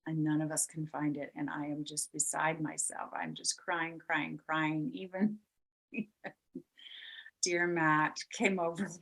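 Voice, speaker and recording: A middle-aged woman hosting a podcast, telling a personal story in an animated way, repeating words for emphasis and laughing now and then. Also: sits low, unhurried, vocal fry, rough recording. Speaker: podcast host.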